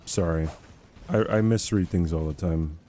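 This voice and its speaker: A man's voice: sits low, moderate pace, dark tone. A young man livestreaming a game, chatting in a rambling, self-deprecating way and laughing often. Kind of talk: casual chat while gaming.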